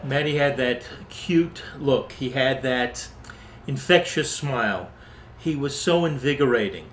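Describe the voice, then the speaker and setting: A man's voice: medium pitch, expressive, unhurried, background noise. A man in a documentary interview, recalling a performer with fond admiration. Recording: roomy with music under.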